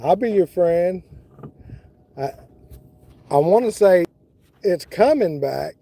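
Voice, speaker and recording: A man's voice: high-pitched, animated, takes it slowly, creaky, dark tone. Laid-back middle-aged man streaming from a boat. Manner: laid-back, talks to viewers by name. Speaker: fishing livestreamer. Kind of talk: casual live-stream chat. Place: outdoors on a boat on the water.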